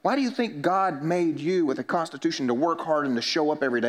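A man with a fairly high voice preaching from the pulpit as a pastor. He talks to the congregation casually, slipping in jokes and acting out short made-up exchanges to make his points. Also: fast talker. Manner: conversational preaching with humor and mock dialogues. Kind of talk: sermon.

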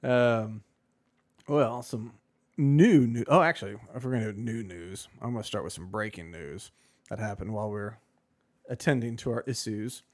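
A man's voice: on the low side, normal speed, darkish tone. A man co-hosting a podcast in casual chat, rambling and sarcastic with many fillers. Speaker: podcast co-host.

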